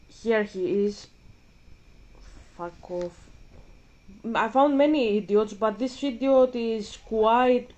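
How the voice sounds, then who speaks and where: A woman's voice: mid-range voice, a little mellow. A woman vlogger ranting in casual commentary while gaming, blunt and profane, a bit out of breath.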